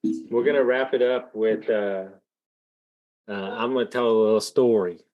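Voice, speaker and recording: Rambling, animated male podcast host. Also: lowish voice, unhurried, muffled recording, faint music behind. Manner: rambling, filler-heavy, profane, animated storytelling. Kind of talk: casual storytelling in an interview.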